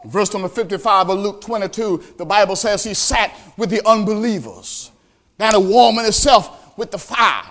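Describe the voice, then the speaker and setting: Animated preacher with a high, swinging voice. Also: male voice, normal speed. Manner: animated preaching, questions the congregation directly. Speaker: pastor. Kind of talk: sermon.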